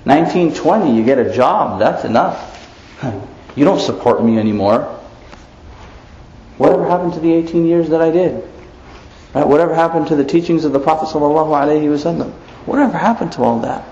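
An Islamic preacher gives an animated religious lecture, often posing rhetorical questions and chuckling. His voice sits on the high side and he speaks briskly. The recording is roomy and slightly dull.

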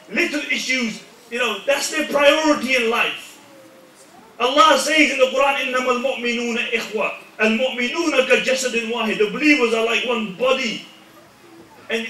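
A man preaching a sermon with passion, his voice rising to shouts at times. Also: very high-pitched. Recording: echoey hall, voice from far off.

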